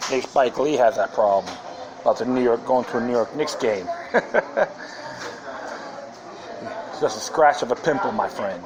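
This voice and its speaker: A man's voice: medium pitch, low-quality recording. Rambling, sarcastic male podcast host. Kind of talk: casual monologue.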